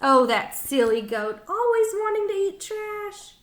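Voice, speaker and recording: A woman's voice: very high voice, very animated, a little slow, a bit bright, a little hiss or hum. A woman teacher reading a picture book aloud to children, stopping to explain words and ask them questions. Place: home kitchen.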